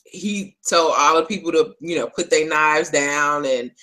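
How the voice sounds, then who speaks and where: A woman co-hosting a casual recap, telling the story in an animated way, acting out the characters' lines, with lots of fillers. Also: low voice, a little slow, low-quality recording. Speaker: podcast co-host.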